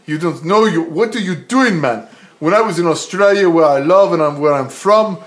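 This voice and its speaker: Guy doing a loud tipsy australian-russian character, ranting and indignant. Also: on the high side, animated, normal speed, reverberant. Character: boozy Australian-Russian man, indignant and rambling.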